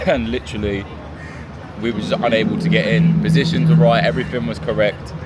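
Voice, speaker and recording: A man from the UK, a gold trader and trading mentor, talking casually to camera in an excitable, slangy way and swearing freely. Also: on the low side, brisk. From United Kingdom. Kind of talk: casual vlog talk to camera. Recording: noisy background.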